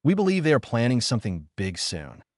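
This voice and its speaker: A man voicing a tired middle-aged village leader who briefs calmly and gravely, in a storybook reading. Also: medium pitch, a little fast, no room sound, studio quality.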